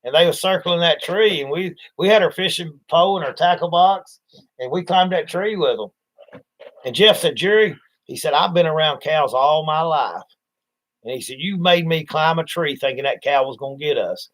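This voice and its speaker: Talking at normal speed in a slightly bright voice on the high side, this man hosts a livestream, telling rambling down-home stories and voicing the characters.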